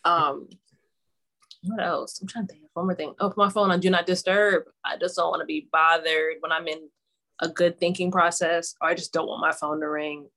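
A woman's voice: fairly low pitch, fairly even intonation, normal speed, sharp tone. Laid-back chatty woman co-host. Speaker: podcast co-host. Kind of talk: casual chat.

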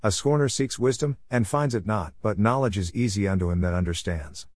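A man with a lowish voice reads scripture in a steady, unhurried way. He gives the archaic verses an even, measured delivery. The recording is dry and close, with no room sound. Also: no room sound. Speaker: scripture reader.

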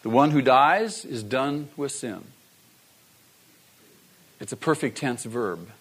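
A man's voice: medium pitch, lively intonation, slow pace, a bit bright, slightly rough. A man preaching a sermon, repeating his key phrases and asking the congregation rhetorical questions. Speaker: pastor.

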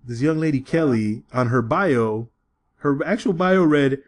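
A man co-hosting a podcast in casual, profane, animated banter. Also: medium pitch, a little slow. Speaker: podcast co-host.

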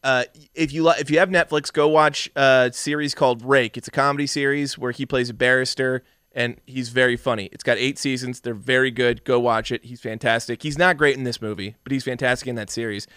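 A man's voice: medium pitch, fairly even intonation, fairly bright tone, clean tone, no room sound, studio quality. A young man co-hosting a casual movie review chat, enthusiastic and opinionated. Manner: enthusiastic, opinionated, quick asides. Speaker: podcast co-host.

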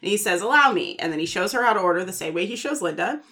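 A woman's voice: on the low side, animated, racing, a bit bright. A woman co-hosting a podcast, chatting casually and retelling sitcom scenes, acting out the characters' lines as she goes. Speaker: podcast co-host. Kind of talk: casual recap chat.

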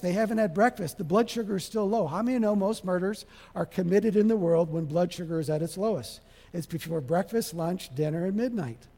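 A man preaching a sermon, animated, acting out little dialogues and swinging from loud to soft. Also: high-pitched, creaky. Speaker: pastor. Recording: long hall reverb.

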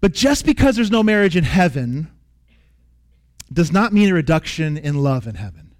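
A pastor preaching a sermon with earnest, emphatic repetition, sometimes dropping to a soft near-whisper. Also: male voice, fairly high pitch, big pitch swings, normal speed.

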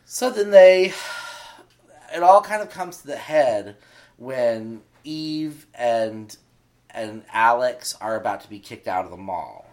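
A man co-hosting a casual podcast chat, telling stories in an animated way and acting out characters' lines. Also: medium pitch, takes it slowly. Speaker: podcast co-host.

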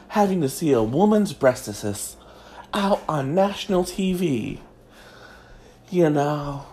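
Comedic host: woman, drawl, sassy mock-prim delivery, slow and mellow, faint background noise. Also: lowish voice. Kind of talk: comedic gossip monologue.

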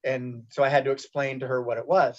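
A man's voice: mid-range voice, little pitch movement, fast talker. A middle-aged man candidly telling a personal story in a casual interview, rambling with restarts and acted-out quotes. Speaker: guest telling his cancer story. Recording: muffled lo-fi sound.

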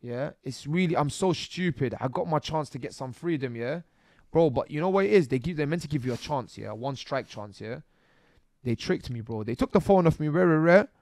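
A man, a podcast guest telling his stories in casual street slang, often tagging lines with "bro" and "yeah" and getting animated. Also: fairly high pitch, fairly quick, no echo. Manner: animated, rising when excited. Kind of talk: casual interview storytelling.

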